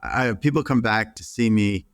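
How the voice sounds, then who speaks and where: A middle-aged psychotherapist from the United States, guesting on an interview, speaks earnestly in a lowish voice at a moderate pace, restarting often and imitating the voices he quotes. The recording is studio quality, without room sound.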